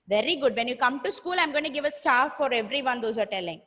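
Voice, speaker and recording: Leading an online class for children, a woman teacher draws out words for them to repeat and firmly praises and scolds pupils by name. Her voice is high-pitched, animated, slightly fast and a bit bright. It comes through a video call with long reverb on the voice.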